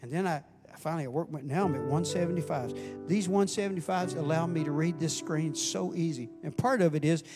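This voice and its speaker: An older man giving a passionate sermon as guest preacher, rising in volume and dropping back to quiet questions. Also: fairly high pitch, fairly quick, hardly any pauses. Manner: passionate, builds in volume, then drops to questions. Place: church. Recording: music playing underneath.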